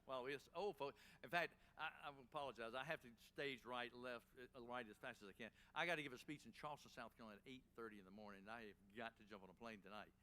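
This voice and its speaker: A man's voice: mid-range voice, fast talker, hardly any pauses, bright, forceful tone. A man, giving an after-dinner speech with folksy storytelling that builds into an impassioned, preaching cadence. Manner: folksy storytelling, Southern phrasing. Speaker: dinner honoree giving remarks. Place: banquet hall.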